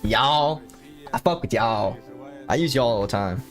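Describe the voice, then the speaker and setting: A young American man talks with his livestream chat, swearing and joking as he reads a horror game aloud. His voice sits at an everyday middle pitch. Faint music plays under him. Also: measured pace. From United States. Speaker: streamer.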